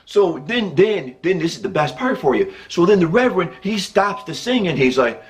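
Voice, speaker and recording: A man with a rather high voice tells a personal story in a relaxed, casual way. He is animated and jokey and keeps breaking into chuckles as he talks. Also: normal speed, soft background music. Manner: chuckles often while telling.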